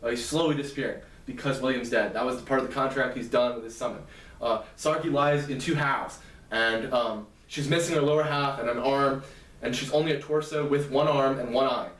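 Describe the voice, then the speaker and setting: A man casually retelling a novel's plot as a lecture, halting and restarting often. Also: medium pitch, steady tone, a bit bright. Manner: halting, many fillers and restarts. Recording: roomy, distant mic.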